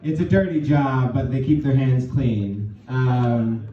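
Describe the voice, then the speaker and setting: A man's voice: medium pitch, fairly even intonation, slow pace, noisy background. A man from California doing a rambling, self-deprecating stand-up set full of fillers. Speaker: stand-up comedian. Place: small comedy club. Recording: roomy, distant, dull club recording. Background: audience laughter.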